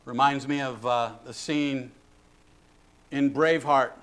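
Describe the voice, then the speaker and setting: A man's voice: mid-range voice, steady tone, takes it slowly, fairly bright tone, smooth. A man preaching a sermon as a pastor, emphatic and exhorting his listeners.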